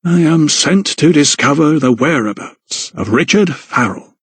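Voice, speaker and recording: A stiff, supercilious little notary who holds himself above his surroundings, played by a male narrator. He speaks in a prim, formal way, a little higher than the narration, recorded dry and close for an audiobook. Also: lively intonation, unhurried, husky, no echo.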